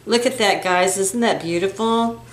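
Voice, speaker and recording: Unhurried and mid-pitched, an older woman co-hosts a beauty channel, chattily unboxing makeup gifts and gasping with delight as she gushes over them. The recording carries room echo and a faint hiss.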